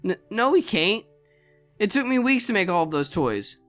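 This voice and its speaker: A man voicing a sweet, clumsy young woman Santa Claus in a visual novel read aloud, speaking softly and haltingly. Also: sits high, sing-song, faint music behind, pitched above the performer's own voice. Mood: tearful. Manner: soft, tearful, faltering speech.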